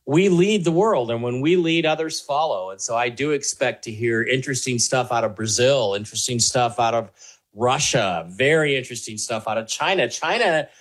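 Here a man being interviewed on a talk show rambles in earnest, filling his answers with fillers and fresh starts. He has an expressive, mid-range, slightly bright voice and a moderate pace.

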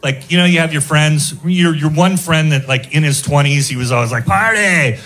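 A man's voice: a little high, fairly even intonation, fairly quick. A man doing stand-up comedy, telling exasperated, grumbling stories.

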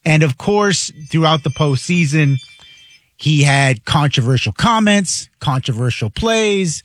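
Husky-voiced man setting up a sports segment. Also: on the high side, lively intonation, a little slow, no echo. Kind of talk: sports talk setup.

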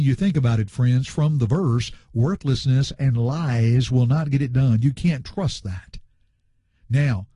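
A man's voice: a little high, dark tone, breathy edge, no room sound. A man preaching a Bible lesson, reading verses aloud and explaining them to his friends in an earnest way. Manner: slow, earnest, reads scripture aloud and explains words. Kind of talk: Bible teaching sermon.

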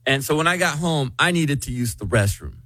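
A man in his thirties, a morning radio host, telling a story with lively acted-out quotes. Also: a little high, fairly quick, dry recording. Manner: animated storyteller, acts out quotes.

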